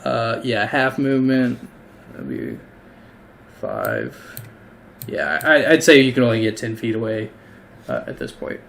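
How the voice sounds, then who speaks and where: A man's voice: medium pitch, huge pitch swings, measured pace, creaky, long pauses, fairly bright tone. A man narrating a tabletop game as game master, casual and hesitant with many fillers.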